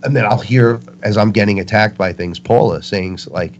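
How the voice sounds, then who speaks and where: A man talks as a guest on a spiritual talk show, with a low, grounded voice. He tells stories with animated energy and acts out the voices he quotes. The recording sounds muffled and lo-fi, with faint noise behind him. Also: normal speed. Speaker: interview guest.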